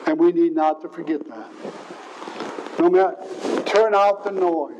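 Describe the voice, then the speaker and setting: A man's voice: on the high side, a little slow, highs cut off. A man preaching a sermon in an earnest way, stressing and repeating key words, with faint hiss behind.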